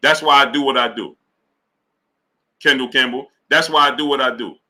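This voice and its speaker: A man hosting a live boxing stream, reading viewer super chats and greeting them by name in an animated, casual way. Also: mid-range voice, normal speed, poor audio. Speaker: boxing talk show host.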